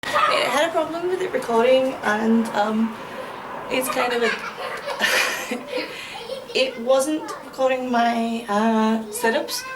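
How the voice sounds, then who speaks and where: A woman's voice: on the high side, slow pace, long pauses, heavy background noise. A woman from Britain reviewing an app in a casual, hesitant and wry way, with many fillers.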